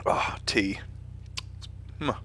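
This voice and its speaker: Whispering very slowly in a pushed, bright voice, an English flight sim streamer chats casually during his live stream, rambling and often correcting himself.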